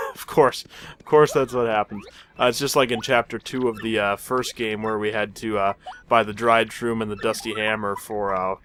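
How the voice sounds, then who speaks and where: A man's voice: on the low side, fairly even intonation, moderate pace, a bit bright, a little hiss or hum. A man giving casual, rambling commentary over a video game he is playing. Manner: rambling, loose, lots of fillers and laughs at himself. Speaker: let's play host.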